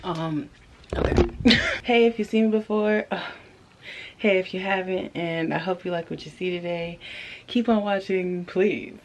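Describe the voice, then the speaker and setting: A woman's voice: lowish voice, unhurried, long pauses. A young woman vlogging casually to a camera propped up at home, chatty, scattered and apologetic as she talks. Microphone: camera propped up nearby. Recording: noisy home recording.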